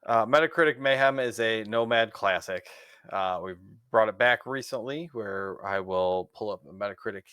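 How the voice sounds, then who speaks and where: A man hosting a casual podcast chat, relaxed as he runs the segments. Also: on the low side, moderate pace, clear, resonant tone, dry recording, clean studio sound. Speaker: podcast host.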